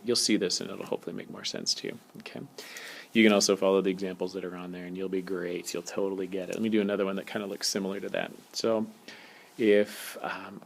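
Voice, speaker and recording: A man teaching a calculus lesson in a relaxed, joking way, talking as he writes. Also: sits low, creaky. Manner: relaxed, jokey, talks while writing. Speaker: math teacher. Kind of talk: recorded calculus lecture. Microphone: tablet screencast mic.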